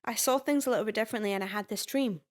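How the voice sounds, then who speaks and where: A woman in her twenties with a Scottish accent, chatting as a podcast guest in an animated way and laughing easily. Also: mid-range voice, rapid-fire. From Scotland. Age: 20s. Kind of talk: casual interview chat.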